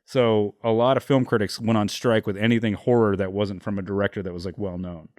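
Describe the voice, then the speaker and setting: A man's voice: fairly low pitch, steady tone, fairly quick, a little mellow, dry recording, clean studio sound. A man co-hosting a podcast, talking casually with lots of fillers, swearing and frequent laughter. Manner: rambling, profane, laughs often, many fillers. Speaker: podcast co-host. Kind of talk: casual chat.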